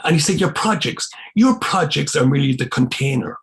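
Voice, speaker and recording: A man's voice: a little high, fairly quick. An older Irish man, a former missionary priest, telling his life story as a podcast guest and acting out the dialogue he recalls. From Ireland. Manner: animated storyteller, acts out quoted dialogue. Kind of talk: storytelling in conversation.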